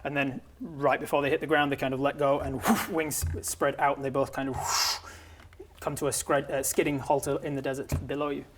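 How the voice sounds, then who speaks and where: A man running a tabletop game as game master, narrating the action in a lively way and often laughing. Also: medium pitch, brisk, background noise.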